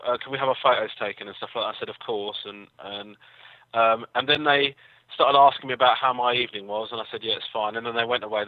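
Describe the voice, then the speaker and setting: An English man rattles through rambling stories with dry, self-deprecating wit. He talks quickly, and the sound is dry and tinny, as if over a phone line. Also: medium pitch, dry recording. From England. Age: young adult. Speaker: guest comedian. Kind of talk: casual storytelling.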